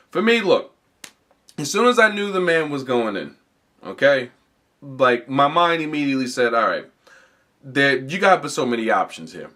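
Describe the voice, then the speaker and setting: A man with a bright, forceful voice at a middle pitch hosts a comedy podcast. He rambles through a casual, profane story, restarting sentences and piling on fillers. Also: sing-song, normal speed, long pauses. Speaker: podcast host.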